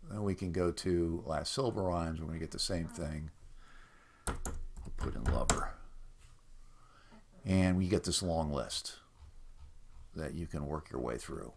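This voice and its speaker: A man walking through websites in an unscripted screen-recorded demo, explaining in a mildly skeptical tone and filling pauses with "uh". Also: extremely low pitch. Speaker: website presenter for a rhyming site. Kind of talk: casual screen-recorded walkthrough.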